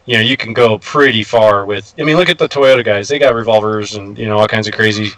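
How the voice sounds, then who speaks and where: A man's voice: lowish voice, fairly even intonation, quick pace, a bit bright, dry recording, rough recording. Rambling man with a dry, close sound. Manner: rambling, many fillers and restarts. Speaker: guest truck builder. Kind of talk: casual chat.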